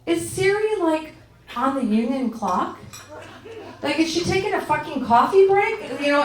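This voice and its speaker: Middle-aged woman comic, animated, swearing, exasperated; distant, echoey live recording. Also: high-pitched, unhurried. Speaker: stand-up comedian. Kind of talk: stand-up routine. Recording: roomy, from far off.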